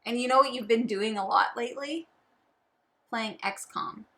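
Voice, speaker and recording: A woman's voice: a little high, moderate pace, fairly bright tone. A woman co-hosting a casual board game chat, playful and teasing as she talks. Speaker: board game channel co-host.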